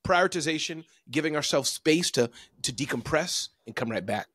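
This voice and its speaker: A man's voice: fairly high pitch, expressive, normal speed, fairly bright tone, breathy edge, no room sound, clean studio sound. A man who is a motivational speaker, a guest on a podcast, talking emphatically and laying out his advice in numbered points. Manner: emphatic, coaching, lists points. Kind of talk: interview conversation.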